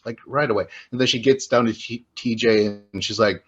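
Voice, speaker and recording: A man's voice: fairly low pitch, fairly even intonation, fairly quick, a bit bright, husky, highs cut off. Profane rambling man on a podcast. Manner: profane, rambling, acts out quotes. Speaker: podcast co-host. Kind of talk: casual recap chat.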